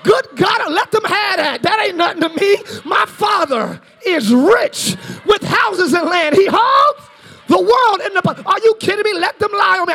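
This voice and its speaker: Male pastor, very high voice, live church sermon, shouts and jokes. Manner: animated preaching, often shouting, playful asides. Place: large church, live service.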